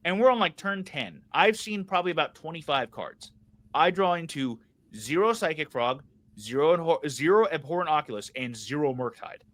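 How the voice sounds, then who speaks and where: A man's voice: fairly high pitch, animated, moderate pace, fairly bright tone. A young man co-hosting a podcast, ranting heatedly and swearing a lot in casual chat. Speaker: podcast co-host.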